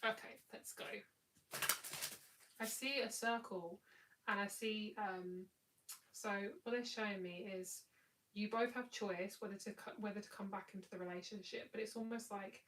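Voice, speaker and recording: A woman's voice: medium pitch, fairly even intonation, moderate pace, fairly bright tone, recorded from a distance, a little hiss or hum, rough recording. A tired woman giving a live tarot reading in a chatty, rambling, affectionate way. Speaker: tarot reader.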